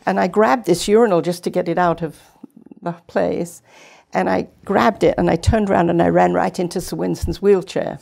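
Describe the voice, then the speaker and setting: Older woman from England, guest storyteller, gravelly low dark voice. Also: moderate pace. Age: 70s. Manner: chatty, animated anecdotes. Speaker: guest, retired nurse. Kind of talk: casual storytelling interview. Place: community TV studio.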